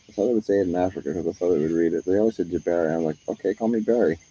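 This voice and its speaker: A man's voice: low-pitched, steady tone, racing, warm tone, dull audio. A man streaming live, talking in a profane monologue that jumps from one topic to the next.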